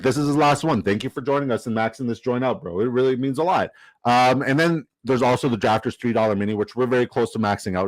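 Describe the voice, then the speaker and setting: A man hosting a live stream, upbeat and chatty, swearing casually and giving shout-outs. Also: medium pitch, no room sound, poor audio. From Canada. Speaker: livestream host. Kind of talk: casual livestream commentary.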